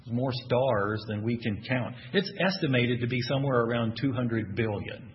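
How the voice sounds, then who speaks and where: A man's voice: medium pitch, normal speed, lo-fi sound. A man with a Texan accent preaching a sermon, who keeps asking the congregation questions and answers them with emphatic bursts. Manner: asks the audience questions, animated and emphatic.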